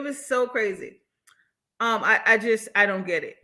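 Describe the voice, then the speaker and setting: A young woman hosting a livestream, reading out chat comments and reacting with animated, outspoken commentary, laughing often and swearing. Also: medium pitch, normal speed.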